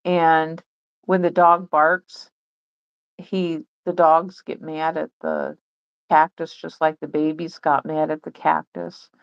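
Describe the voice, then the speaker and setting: A woman's voice: low-pitched, little pitch movement, slow, vocal fry, smooth, muffled recording. A woman chatting on a livestream in a rambling way, full of fillers and restarts. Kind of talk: casual livestream chat.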